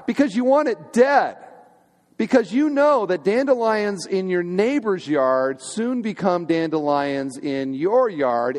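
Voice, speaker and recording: Pastor preaching with a hall's long echo. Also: male voice, high-pitched, darkish tone. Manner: conversational, humorous, asks the congregation questions. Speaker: senior pastor. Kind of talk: sermon. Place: church sanctuary. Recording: long hall reverb in a church.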